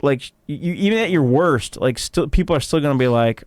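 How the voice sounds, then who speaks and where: A male comedian from Chicago telling stories in casual podcast chat, animated and profane, acting out quotes in a raised voice. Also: medium pitch, quick pace, hardly any pauses, dry recording. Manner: animated storyteller, swears freely, acts out quotes in a raised voice. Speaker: comedian guest.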